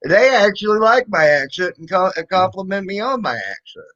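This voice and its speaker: A man's voice: sits high, big pitch swings, normal speed, sharp tone, dull audio. A man with a Southern US accent chatting crudely on a stream, joking and stumbling over restarts. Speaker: stream host. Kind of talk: casual chat.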